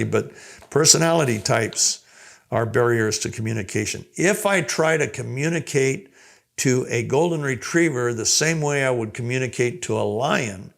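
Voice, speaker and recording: Older man with a gravelly voice, teaching. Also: mid-range voice. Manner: conversational, acts out short quoted lines. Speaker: communication coach. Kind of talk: teaching talk to a group.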